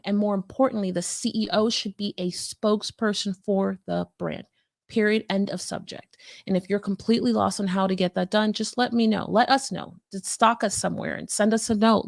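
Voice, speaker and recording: Brief: woman entrepreneur, motivational talk, mid pitch, dry close sound. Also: vocal fry, dry recording. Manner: energetic, conversational, many fillers and restarts. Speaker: business coach and company founder.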